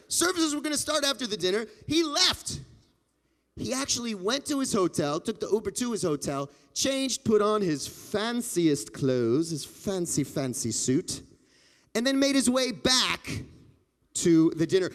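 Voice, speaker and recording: A man telling a playful children's story at a temple family service, animated and full of sound effects. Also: very high-pitched, moderate pace, in a large hall. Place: temple sanctuary.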